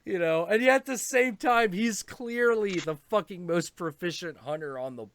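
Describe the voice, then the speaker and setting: A man's voice: sits high, normal speed. A man chatting casually on a live stream, swearing and laughing as he tells animal stories. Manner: profane, laughing, animated storytelling. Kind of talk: casual chat.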